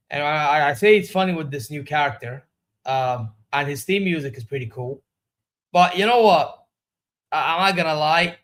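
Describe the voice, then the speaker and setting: A man's voice: mid-range voice, fairly bright tone. A man hosting a wrestling reaction vlog, giving candid, opinionated, rambling commentary. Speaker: wrestling reaction channel host.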